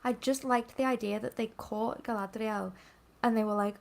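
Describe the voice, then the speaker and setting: Gravelly, wry woman co-host. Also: a little high, fairly even intonation, moderate pace. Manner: wry, playfully dry. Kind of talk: casual live-stream discussion.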